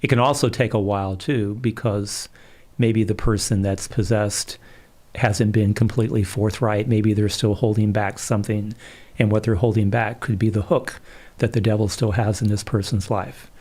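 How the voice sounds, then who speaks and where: A middle-aged man, a Catholic priest, calmly telling stories in an interview. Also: fairly low pitch, moderate pace. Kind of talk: storytelling in a livestream interview.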